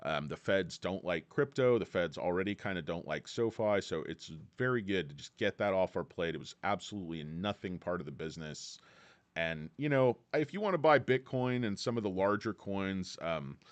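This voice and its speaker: On a relaxed stock livestream, a weary Central Valley, California man speaks in a deep, animated voice at normal speed with no echo. He rambles, cracks jokes and leans on plenty of filler words.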